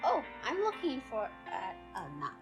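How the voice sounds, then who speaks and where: A performer voicing a chatty grandmother in a homemade comedy sketch, her voice high and swooping wildly up and down. She hesitates and trails off with fillers, and music plays underneath her. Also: big pitch swings, measured pace, vocal fry, heavily acted. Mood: easygoing. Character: grandmother at home, chatty and easygoing. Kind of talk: amateur comedy sketch acting. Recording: music playing behind.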